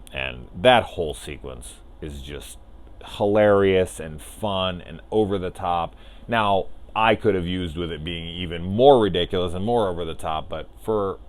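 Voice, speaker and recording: A man's voice: sits low, slight background noise. A man casually rambling through a spoiler discussion of a film as a reviewer, enthusiastic and swearing freely.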